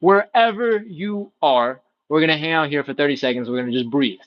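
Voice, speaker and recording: A man with a fairly high voice guides a live stretching class step by step. He is encouraging and playful as he explains each move. The sound is dull and lo-fi. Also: fairly quick, hardly any pauses, a bit bright. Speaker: stretching instructor. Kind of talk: live workout instruction.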